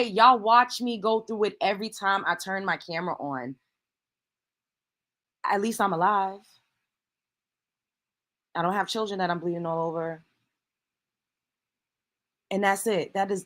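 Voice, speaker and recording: A woman's voice: medium pitch, normal speed, pauses often, pushed and bright. Emphatic preachy woman commentator. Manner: preachy, emphatic, swears freely. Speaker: commentary host. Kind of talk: reaction commentary.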